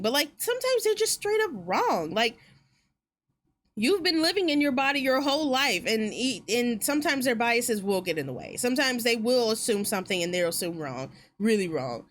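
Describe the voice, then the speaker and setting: Woman, game streamer, casual rambling chat, lively pitch swings, fairly high voice. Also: normal speed. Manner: rambling, tangent-prone, laughs often. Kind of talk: casual chat while gaming.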